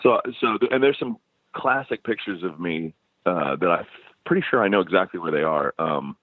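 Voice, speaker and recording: Here a man from the United States with a low voice talks at normal speed, sharing stories as a musician guest in an informal interview. He's lively, laughs a lot, and often restarts his sentences; the recording is dry and tinny, like a phone call.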